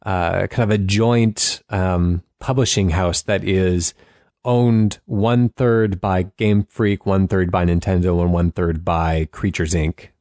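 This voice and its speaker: A low-voiced man talks in a loose, rambling way, using lots of fillers and laughing softly. The recording is close and dead dry, with no room sound at all. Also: fairly even intonation, slow pace, no echo. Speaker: podcast co-host. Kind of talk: casual chat.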